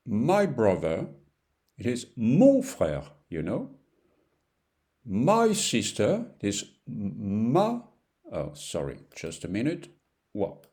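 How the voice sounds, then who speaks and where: A man with a French accent, a native French speaker teaching a beginner language lesson, talking slowly and repeating each word with fillers like "you know". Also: mid-range voice, warm tone. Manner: slow, repetitive, with fillers and "you know", pausing to repeat words.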